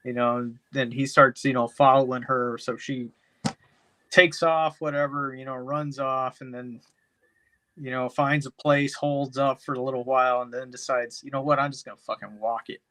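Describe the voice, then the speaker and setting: A man's voice: medium pitch, flat delivery, moderate pace, bright, forceful tone. Rambling, foul-mouthed man recapping a movie. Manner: rambling, profane, heavy on "you know". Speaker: podcast co-host. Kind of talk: casual chat, movie recap.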